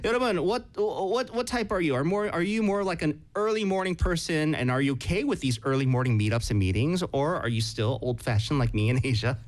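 Brief: quick, animated male radio host, bilingual patter. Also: on the high side. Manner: rapid switching between English and Korean, animated.

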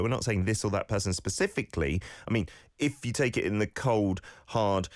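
Male host, low voice, playful teasing feedback, dry close sound. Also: lively intonation, moderate pace, no room sound. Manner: playful, teasing feedback with exaggerated example intonation. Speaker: host teaching phrases and playing listener clips. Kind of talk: casual radio-style teaching.

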